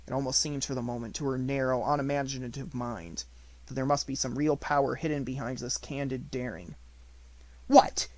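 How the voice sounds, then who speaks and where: A man reading a classic novel aloud as an audiobook narrator, in a steady, even storytelling voice. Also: medium pitch, brisk, low-quality recording.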